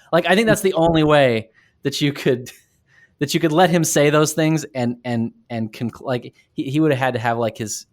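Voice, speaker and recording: A man talking casually about a film as a podcast guest, rambling and laughing as he goes. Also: medium pitch. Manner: rambling, laughs often, restarts.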